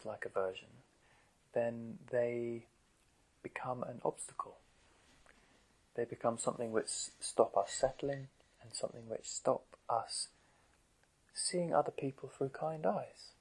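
A man giving a gentle, conversational dharma talk to meditators as their teacher, often asking rhetorical questions. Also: medium pitch, vocal fry, slightly rough, low-quality recording.

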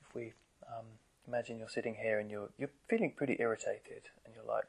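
A man giving a gentle, conversational dharma talk to meditators as their teacher, often asking rhetorical questions. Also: fairly low pitch, fairly even intonation, a little fast, vocal fry, low-quality recording.

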